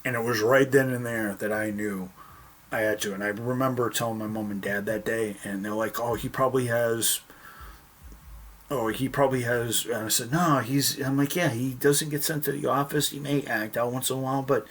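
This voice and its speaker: A man hosting a talk show, telling a personal school story in a rambling, halting way with many restarts. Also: mid-range voice, fairly bright tone. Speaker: host.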